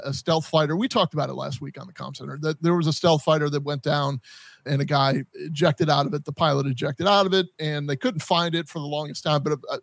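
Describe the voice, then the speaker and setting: Male podcast host, slightly high voice, dry close sound, chatty, stammers and restarts a lot. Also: creaky, no room sound. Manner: animated, halting, lots of restarts and stammers. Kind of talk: casual chat.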